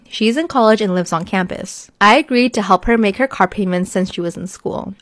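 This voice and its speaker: A woman reads a post aloud and comments on it with casual opinions and sighs. The recording is dry and close, with an everyday middle pitch. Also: dry recording. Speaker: content creator. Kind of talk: reading a post aloud and reacting.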